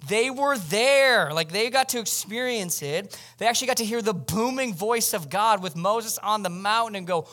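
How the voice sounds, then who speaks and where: A pastor with a notably high voice preaches in a relaxed, conversational way, often turning to address his listeners directly. He delivers his sermon from the pulpit of a church service. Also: moderate pace, few pauses.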